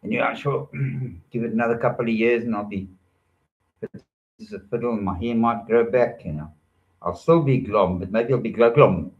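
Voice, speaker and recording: A man's voice: lowish voice, normal speed, narrow, tinny audio. An older man telling rambling stories in a playful monologue, joking and drifting from one topic to the next. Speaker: storyteller.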